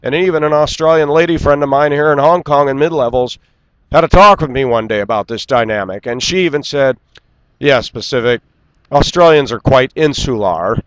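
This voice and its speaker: A man's voice: a little high, brisk, a bit bright, clean tone, dry recording, poor audio. An American man ranting bluntly and scornfully in a vlog monologue, speaking outdoors on a city street. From United States. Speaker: vlogger.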